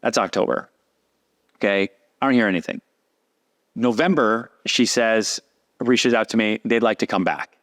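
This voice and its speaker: A man, a podcast guest telling a long story in a lively casual way and acting out what others said. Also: on the low side, normal speed, long pauses. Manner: animated, acts out quoted voices.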